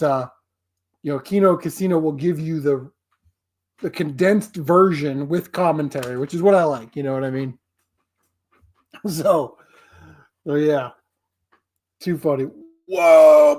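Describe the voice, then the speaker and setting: A man's voice: a little high, darkish tone. A man hosting a casual live stream, rambling and laughing often. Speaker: streamer host.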